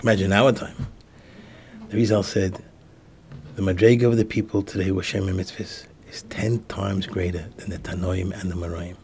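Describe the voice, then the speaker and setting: A low, gravelly male voice belongs to a rabbi telling a story in a sermon. He drops to soft, hushed tones whenever he acts out the dialogue, over a faint hiss of background noise. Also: little pitch movement, moderate pace.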